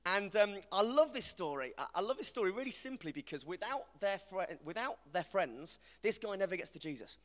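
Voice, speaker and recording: A man's voice: high-pitched, expressive, fairly quick, hardly any pauses, a bit bright. A man with a West Midlands accent giving a chatty, humorous evangelistic talk to a live audience, telling stories about a friend. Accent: West Midlands English. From West Midlands, England. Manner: chatty, storytelling, self-deprecating humour. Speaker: preacher. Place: large hall with an audience. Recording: hall reverb from a live event.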